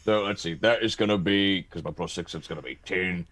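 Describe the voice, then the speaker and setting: A man playing a tabletop game, joking and theatrical, with a gravelly, husky voice. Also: a little fast, fairly bright tone. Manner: joking, theatrical, swoops in pitch. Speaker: player.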